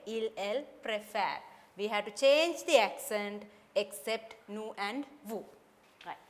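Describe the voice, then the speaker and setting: Slow, careful woman teacher in a reverberant room. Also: a little high. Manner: slow, careful explanations, sounding out each verb form. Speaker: French teacher. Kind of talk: classroom lesson at a board.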